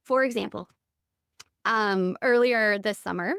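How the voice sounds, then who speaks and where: A woman's voice: medium pitch, measured pace, vocal fry, fairly bright tone, smooth, dry recording, studio quality. A woman in her thirties, a podcast guest telling personal stories in an earnest, candid way. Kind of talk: reflective interview conversation.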